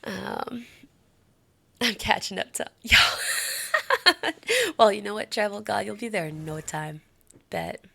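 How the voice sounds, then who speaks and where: A woman's voice: medium pitch, slow, vocal fry, pauses often, pushed and bright. A young adult woman streaming live, chatting with her viewers in a bubbly, giggly, gushing way.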